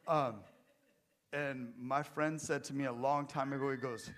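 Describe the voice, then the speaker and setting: Joking, earnest pastor preaching a sermon. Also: male voice, medium pitch, steady tone, normal speed, a little hiss or hum. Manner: joking, self-deprecating asides that drop to quiet, earnest emphasis. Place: church.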